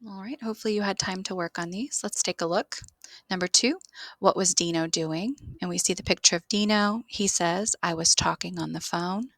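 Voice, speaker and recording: A woman's voice: lowish voice, a bit bright, dry recording. A woman teaching an online English grammar lesson, explaining steadily and spelling words out letter by letter.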